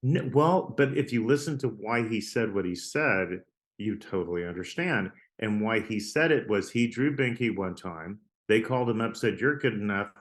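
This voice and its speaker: A man's voice: fairly low pitch, lively intonation, moderate pace. A man, an artist guest on an interview podcast, telling stories in a chatty, rambling way, often checking in with "right?". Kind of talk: casual storytelling interview.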